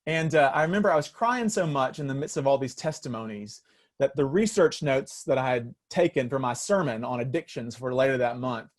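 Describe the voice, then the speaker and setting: A man's voice: mid-range voice, fairly quick. A man, a pastor, telling a story in an earnest, reflective sermon style with frequent restarts, speaking over a video call.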